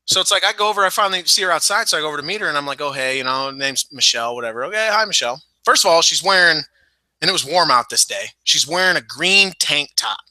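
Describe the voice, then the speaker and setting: A man's voice: fairly high pitch, fast talker, no room sound, low-quality recording. A man co-hosting a podcast, chatting casually from home, swearing often and acting out the people in his stories. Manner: animated storyteller, swears often, mimics people. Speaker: podcast co-host. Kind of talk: casual profane chat.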